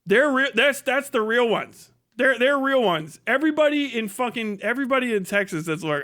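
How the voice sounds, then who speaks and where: A man's voice: extremely high pitch, expressive, moderate pace, hardly any pauses, pushed and bright. A man hosting a livestream, ranting crudely and mockingly, laughing often. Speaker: livestream host. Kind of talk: profane comedic rant.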